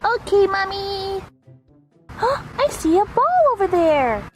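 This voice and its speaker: A woman voicing Bluey, an excitable little puppy girl, squealing and bouncy in toy pretend play. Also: extremely high pitch, slow, soft background music, pitched above the performer's own voice, full character voice. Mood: excited.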